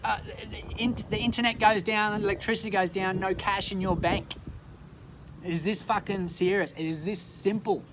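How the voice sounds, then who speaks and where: An Australian man talks straight into his phone in a raised, high voice, swearing hard and repeating himself for emphasis. The clip is recorded outdoors, with the drone of a boat motor and water clearly heard under his words. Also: fairly even intonation, normal speed, background noise. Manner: profane, forceful, repetitive. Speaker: social media vlogger. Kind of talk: impassioned direct-to-camera rant.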